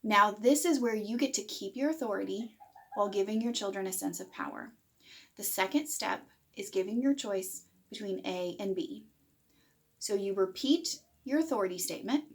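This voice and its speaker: A woman's voice: medium pitch, animated, normal speed. A woman in her thirties giving a parenting lesson to camera, explaining plainly and acting out what a parent might say. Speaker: parenting educator.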